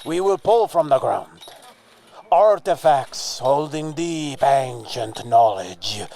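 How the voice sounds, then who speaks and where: A man's voice: mid-range voice, animated, slow, creaky, mellow. A man playing a pompous, condescending 18th-century Spanish military engineer with a put-on Spanish accent, speaking grandly and dropping in Spanish words. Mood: grandiose. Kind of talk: comedy sketch acting.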